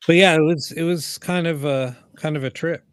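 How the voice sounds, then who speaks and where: A man's voice: on the high side, steady tone, moderate pace, clear, resonant tone, no echo, clean studio sound. A male host in casual chat, laid-back, laughing a little as he tells a story. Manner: laid-back, laughs while telling stories.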